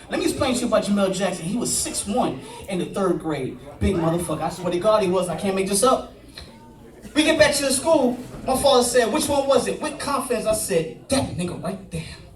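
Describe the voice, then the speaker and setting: A man doing a stand-up set, telling a story with animated, acted-out voices on stage. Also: sits high. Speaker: stand-up comedian. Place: comedy club stage with audience laughter. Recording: roomy, from far off, crowd laughter.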